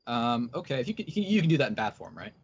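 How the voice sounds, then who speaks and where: A man's voice: medium pitch, very animated, quick pace, breathy edge. A man narrating as game master, with many hesitant ums and uhs. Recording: dull lo-fi recording.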